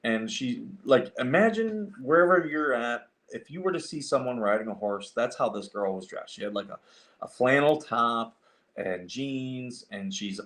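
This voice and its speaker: A man's voice: mid-range voice, expressive, normal speed, a bit bright. A man hosting a casual chat show, telling a rambling story with lots of fillers and restarts. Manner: rambling, many fillers and restarts, acts out quoted voices. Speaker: show host.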